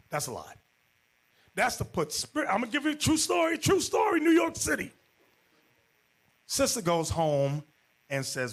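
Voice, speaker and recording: A man preaching as a bishop in a Bible class, telling stories in an animated way and acting out the people in them, sometimes shouting. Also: sits high, a little fast. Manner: animated, acts out quotes, jumps to shouting. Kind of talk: storytelling Bible class sermon.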